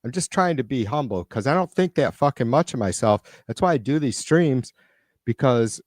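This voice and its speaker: A man's voice: lowish voice, normal speed, a little mellow, no room sound, studio quality. A man hosting a live stream, reading viewer comments aloud and ranting with frequent profanity and irritation. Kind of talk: casual live-stream rant. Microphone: computer mic on a live stream.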